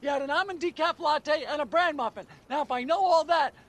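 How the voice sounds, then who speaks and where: A man's voice: very high voice, brisk, fairly bright tone. An actor playing a fussy, indignant middle-aged man who insists on a debt he's owed in a TV sitcom scene, nitpicking and whiny. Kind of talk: TV sitcom dialogue.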